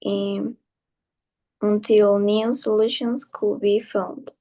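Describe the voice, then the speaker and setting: A woman's voice: medium pitch, little pitch movement, takes it slowly, warm tone, recorded from a distance, highs cut off. A woman, an English student, reading a passage aloud carefully in class.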